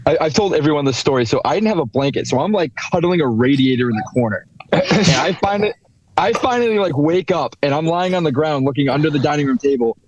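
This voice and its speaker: Laughing young man with a higher voice. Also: fast talker, noisy background. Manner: laughing, lively storyteller. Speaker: podcast co-host. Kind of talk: casual storytelling chat.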